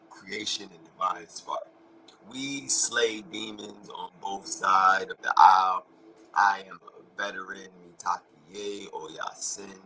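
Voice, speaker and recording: Brief: deep-voiced man, forceful and edgy, rambling profane rant with sudden whispers. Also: fairly even intonation, slow, rough recording. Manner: loud and rambling, shifting between shouts and hushed asides; profane and confrontational. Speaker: vlogger. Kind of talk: freewheeling spiritual rant.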